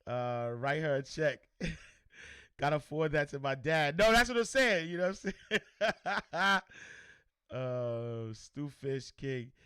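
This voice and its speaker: A man hosting a casual livestream, reading viewer comments aloud and giving shout-outs in a loose, repetitive way. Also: fairly high pitch, very animated, slow pace, long pauses, smooth, dry recording. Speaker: host.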